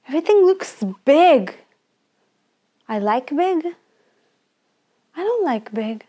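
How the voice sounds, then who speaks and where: A woman tells her life story as a dramatic monologue in a high voice. She speaks slowly and haltingly, voicing the fears of her younger self. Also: lively intonation, dark tone. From Iran. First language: Persian. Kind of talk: dramatic first-person monologue.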